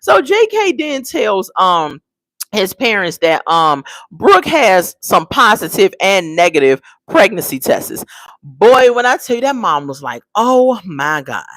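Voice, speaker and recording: A woman in her forties recaps a reality show with blunt, sassy storytelling. Her pitch swoops up and down as she talks. The sound is dry and close, with no room echo. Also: big pitch swings, measured pace, fairly bright tone. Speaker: reality TV reviewer. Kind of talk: casual recap commentary.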